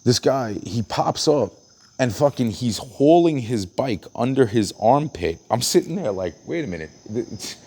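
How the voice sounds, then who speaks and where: A man's voice: medium pitch, expressive, measured pace, darkish tone, slightly rough. A man telling a long story in a ranting monologue, swearing heavily, restarting his sentences and acting out quotes. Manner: heavy swearing, frequent restarts, acts out quotes. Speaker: vlogger. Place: outdoors at a train station at night.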